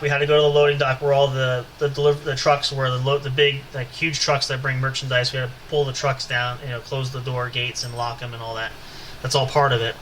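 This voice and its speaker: A man's voice: medium pitch, little pitch movement, fairly quick, fairly bright tone, a little hiss or hum, poor audio. A man hosting a podcast, telling a long anecdote in a rambling, casual way with many fillers and asides. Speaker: podcast host. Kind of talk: casual storytelling.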